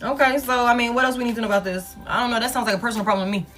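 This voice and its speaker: This woman reads tarot at home with soft music in the background, her fairly high voice racing along with fairly even intonation and a fairly bright tone. Her delivery is casual and blunt, full of swearing and repeated phrases for emphasis.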